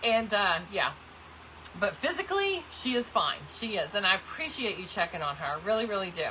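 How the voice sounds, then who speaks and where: A woman's voice: medium pitch, big pitch swings, normal speed, pushed and bright, slight background noise, low-quality recording. A woman hosting a craft livestream, chatting casually and rambling as she greets viewers by name. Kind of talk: casual chat while crafting, reading viewer comments.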